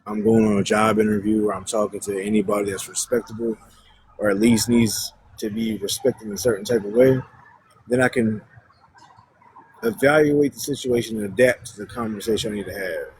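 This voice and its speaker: A man's voice: fairly low pitch, fairly even intonation, moderate pace, long pauses, a little mellow, slight background noise, low-quality recording. A young man chatting casually and bluntly with his viewers on a livestream, rambling and swearing freely.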